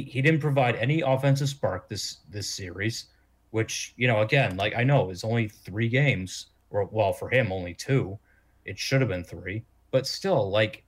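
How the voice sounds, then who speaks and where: A male podcast co-host with an ordinary mid-range voice. He talks casually and bluntly, circling back to the same complaints. His tone is frank and dismissive. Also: medium pitch. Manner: blunt, repetitive ranting. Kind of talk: casual sports talk.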